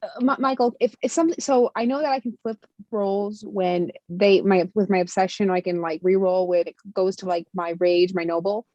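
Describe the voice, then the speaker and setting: A woman playing a tabletop role-playing game, asking rule questions in a hesitant, halting way. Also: mid-range voice, steady tone, dry recording, lo-fi sound. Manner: hesitant, laughs, asks rules questions. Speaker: player. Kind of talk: casual tabletop play.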